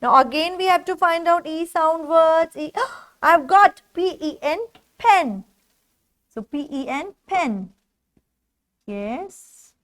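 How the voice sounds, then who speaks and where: A woman's voice: high voice, fairly bright tone. A woman with an Indian English accent teaching a phonics lesson to young children, spelling words out letter by letter and praising often.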